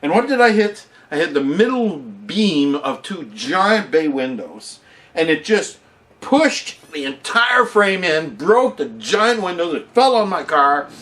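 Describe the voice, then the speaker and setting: Animated, bright-voiced man telling a story. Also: a little high, measured pace. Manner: animated, rambling storyteller who laughs at himself. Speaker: vlogger telling a personal story. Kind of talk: casual anecdote to camera.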